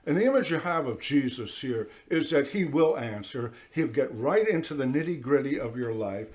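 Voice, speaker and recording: Medium-pitched and moderately paced, a priest speaks to his congregation in church in a conversational sermon. He's full of energy, addresses listeners directly, and mimics little voices.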